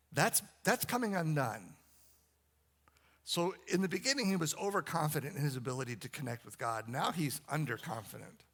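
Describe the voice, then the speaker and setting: A man's voice: on the high side, gravelly, a bit bright, husky. A man preaching a sermon, repeating phrases and building emphasis as he goes. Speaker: pastor.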